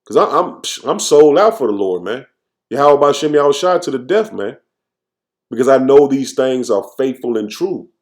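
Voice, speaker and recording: A man teaching scripture informally, tagging nearly every phrase with "man" and reading verses slowly with restarts. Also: medium pitch, big pitch swings, darkish tone. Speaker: preacher.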